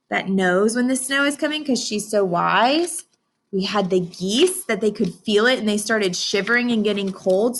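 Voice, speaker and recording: A woman teacher reading a picture book aloud to children, stopping to ask them questions and gently explain. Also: mid-range voice, a little hiss or hum.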